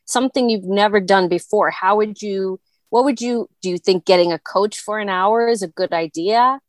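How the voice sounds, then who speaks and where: A woman's voice: medium pitch, normal speed, no echo. Enthusiastic woman podcast host, dry sound. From Long Island, New York. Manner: chatty, enthusiastic questions and praise. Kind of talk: podcast interview.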